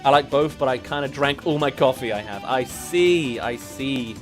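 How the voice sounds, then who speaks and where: A man's voice: medium pitch, moderate pace, music in the background. A young English man streaming as a VTuber, chatting casually and laughing as he reads quiz questions aloud. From England.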